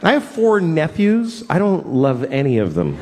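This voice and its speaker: A man in his forties performing a stand-up routine, mixing deadpan storytelling with sudden shouted outbursts. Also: fairly high pitch, unhurried. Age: 40s. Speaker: stand-up comedian. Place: theater stage. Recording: reverberant hall with faint noise. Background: audience laughter.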